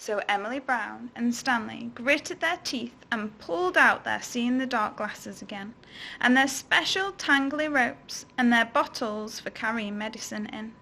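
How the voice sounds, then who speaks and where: Woman teacher, storybook reading for kids; bright, gravelly, very slow. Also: fairly high pitch, slight background noise. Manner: expressive, slow, asks children questions.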